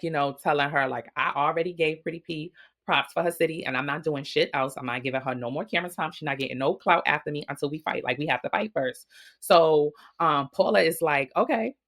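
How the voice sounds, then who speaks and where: Woman, low deep voice, blunt profane gossip recap. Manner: blunt, profane, animated storytelling. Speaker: recap host.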